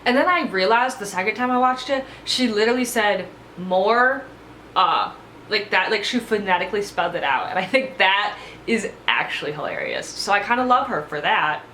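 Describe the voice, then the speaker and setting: A woman's voice: medium pitch, big pitch swings, brisk, pushed and bright, slight background noise. A woman giving a casual, opinionated recap of a reality show, blunt and sarcastic, swearing freely. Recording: echoey room.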